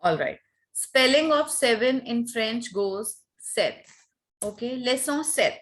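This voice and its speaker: A woman teaching a French class over a video call, drilling pronunciation slowly and patiently. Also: on the high side, lively intonation, fairly bright tone. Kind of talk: online class lesson.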